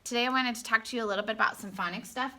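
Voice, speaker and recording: A woman teaching a phonics lesson to young children in a slow, sing-song teacher voice, stretching out sounds and adding playful asides. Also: on the high side, heavy background noise. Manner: animated, with gasps and playful asides. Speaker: elementary school teacher.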